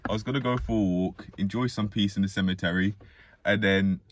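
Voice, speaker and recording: A man with a very low voice thinks out loud, drifting between ideas and swearing casually as he goes. He sounds as though he is talking to himself more than to an audience. He speaks from the seat of a parked car. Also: fairly even intonation, fairly quick. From Britain. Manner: musing, profane, talks to himself and jokes. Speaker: vlogger. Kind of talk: rambling self-talk monologue.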